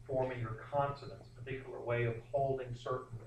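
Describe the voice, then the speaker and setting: A man teaching a history class, lecturing in a rambling, animated way with many fillers and restarts. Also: mid-range voice, fast, vocal fry, a little hiss or hum. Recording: echoey classroom from far off.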